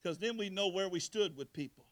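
A man's voice: high voice, a little fast, fairly bright tone. A male pastor preaching a sermon, calling out to his congregation and getting them to respond in colloquial, straightforward talk. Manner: colloquial Southern speech.

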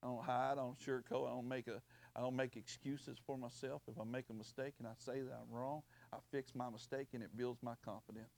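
Pastor guy preaching, folksy cowboy talk, gets loud and fired up. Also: medium pitch, flat delivery, fairly quick, gravelly. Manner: folksy, preaching with rising shouted bursts. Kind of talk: sermon.

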